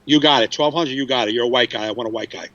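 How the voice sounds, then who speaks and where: A man's voice: mid-range voice, racing, sharp tone, no echo, lo-fi sound, natural voice. Man doing an old Italian landlord, thick accent, clipped and blunt. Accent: thick Italian accent put on.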